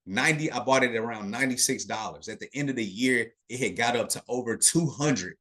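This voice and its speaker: A man's voice: medium pitch, a little fast, fairly bright tone. A man teaching a live online investing class in a casual way, emphatic and talking straight to his chat audience, repeating key points and checking in with "okay".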